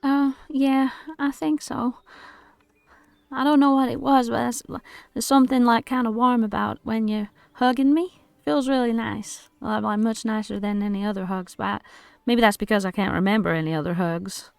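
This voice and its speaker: A woman's voice: on the high side, steady tone, normal speed, creaky, a little mellow, clear, resonant tone, no echo. A woman playing a sweet, childlike scarecrow man. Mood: tender. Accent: British. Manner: sweet, hesitant, innocent. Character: gentle childlike male scarecrow with stuffing. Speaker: dungeon master.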